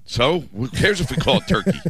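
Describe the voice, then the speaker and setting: A man's voice: on the high side, expressive, brisk. A man co-hosting a sports radio show, joking and arguing his points, often repeating words as he goes. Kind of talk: casual sports radio chat.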